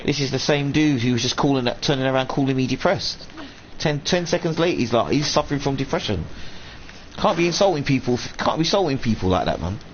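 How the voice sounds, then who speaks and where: A man with a medium-pitched, animated voice vents quickly and at length on a live stream, cursing and rambling as he quotes people in a raised voice. The casual rant is recorded in dull lo-fi stream sound with faint room hum.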